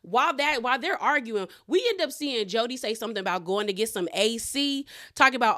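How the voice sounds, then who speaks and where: A chatty woman retells reality-TV drama, slipping into quick impressions of the people she quotes. Her voice is bright and sits a little high for a woman. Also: expressive. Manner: gossipy, retells scenes quoting people, laughs often. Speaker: reality TV recap host. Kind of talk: casual recap chat.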